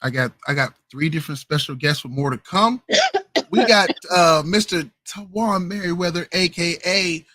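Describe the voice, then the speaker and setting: A man with a bright, forward voice hosts a late-night podcast with a laid-back, slangy delivery. His voice is a little high for a man and sounds dry and close to the mic. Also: normal speed, no room sound. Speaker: podcast host. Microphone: home streaming mic, adjusting gain.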